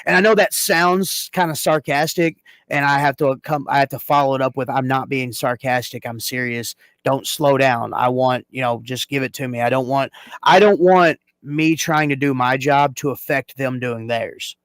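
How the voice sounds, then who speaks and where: Halting man hosting a podcast, dry sound. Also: mid-range voice, fairly bright tone, no echo. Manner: rambling, halting, lots of uh and restarts. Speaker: podcast host. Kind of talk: casual chat.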